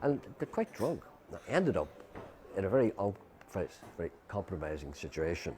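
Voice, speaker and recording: Low-voiced Irish man spinning a yarn. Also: sing-song, brisk, dark tone, a little hiss or hum. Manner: rambling, full of "you know", quotes people in dialogue. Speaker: guest musician. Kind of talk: casual anecdote telling.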